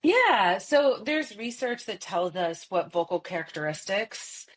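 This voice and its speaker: A woman voice coach and company head explaining her work in an interview, animated and clear. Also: mid-range voice, unhurried. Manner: animated, explains with vocal demonstrations.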